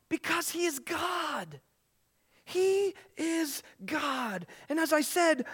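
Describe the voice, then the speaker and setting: High-pitched, unhurried, emphatic preacher. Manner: emphatic, repeats key phrases; grows excited and loud at high points. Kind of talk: sermon. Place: church service.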